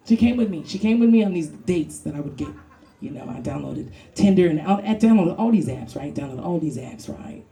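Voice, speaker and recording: A woman's voice: fairly low pitch, animated, fast, warm tone. A woman from Brooklyn doing a stand-up comedy set on a club stage, brash and profane, laughing through her punchlines. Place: comedy club with live audience.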